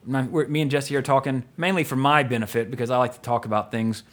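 Fast-talking excitable podcast guy. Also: mid-range voice. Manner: rambling, excitable, jumps between topics. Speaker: podcast co-host. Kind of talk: casual podcast chat.

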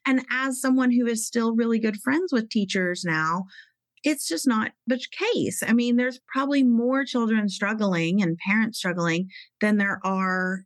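A woman's voice: medium pitch, no echo. Woman, forties, parenting guest on a podcast, chatty, laughs often, dry close mic. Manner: chatty storyteller, laughs easily. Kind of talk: casual podcast conversation.

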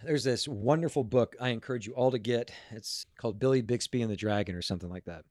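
A man speaking as a guest to a group, telling stories in an earnest, animated way and often restarting his words. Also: mid-range voice, fast, dry recording, studio quality. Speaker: guest speaker on parenting and emotions. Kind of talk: casual storytelling talk to a group.

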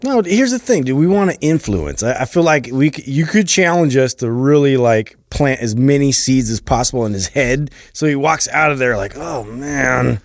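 A man's voice: medium pitch, expressive, normal speed, few pauses, no echo, studio quality. A man co-hosting a podcast in casual chat, easygoing and saying like and dude a lot. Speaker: podcast co-host.

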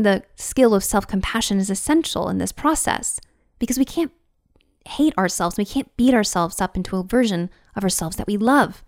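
A woman's voice: expressive, normal speed, darkish tone, no room sound, studio quality. A woman hosting a solo recovery podcast, earnest and encouraging, acting out inner voices now and then. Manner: earnest and encouraging, acts out inner voices with big pitch jumps. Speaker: podcast host and recovery coach. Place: room with a whiteboard.

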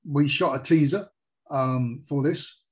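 English guy chatting, kinda husky, lots of uh and restarts. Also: on the high side, takes it slowly. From England. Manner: hesitant, many fillers and restarts. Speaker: guest. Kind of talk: casual chat.

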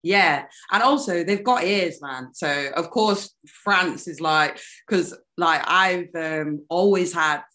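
Lively woman, bright tone. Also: fairly low pitch, slow pace. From United Kingdom. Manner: animated, laughs often, trails off mid-sentence. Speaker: musician guest. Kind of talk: casual interview chat.

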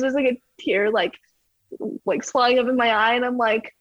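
Woman guest rambling on, lots of "like", bit high, muffled dry audio. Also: steady tone, moderate pace, dry recording. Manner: chatty, fillers of "like", acts out quotes in a higher voice. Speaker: guest athlete. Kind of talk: casual interview chat.

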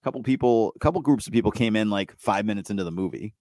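Low-voiced man ranting on a podcast. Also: very fast, darkish tone, dry recording. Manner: gets worked up, swears a lot, laughs often. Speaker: podcast co-host. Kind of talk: casual chat.

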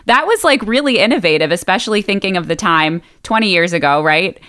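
Female co-host, upbeat, bright tone, wraps up segments. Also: fairly low pitch, lively intonation, fairly quick. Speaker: podcast co-host. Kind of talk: casual podcast chat.

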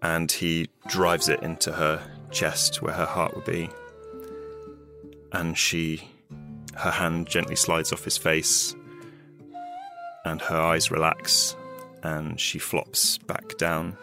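A man's voice: rumbling low, completely flat delivery, slow, vocal fry, pauses often. A man playing a tabletop game, narrating his character's backstory in a hesitant way with many restarts. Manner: hesitant, full of fillers and restarts. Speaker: player. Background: guitar music.

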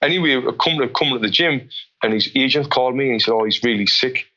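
Bright man telling stories. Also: medium pitch, fast, highs cut off. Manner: animated storyteller with many restarts. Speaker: guest, boxing coach. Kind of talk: interview conversation.

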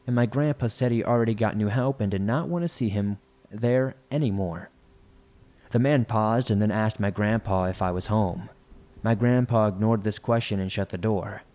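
A man reading listener-submitted horror stories aloud in a measured, somber narration. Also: fairly low pitch, a little mellow.

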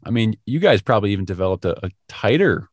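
Podcast host guy, lowish voice, super encouraging, dry close mic. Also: very animated, slightly rough, no echo. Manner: encouraging, quick affirming interjections. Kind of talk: casual chat.

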